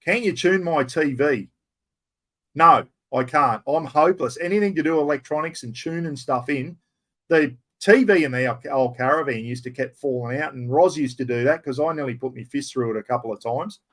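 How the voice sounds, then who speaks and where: A man's voice: medium pitch, normal speed, fairly bright tone. An older Australian man answering viewers' chat questions on a live stream, blunt and blokey, swearing casually and calling everyone mate.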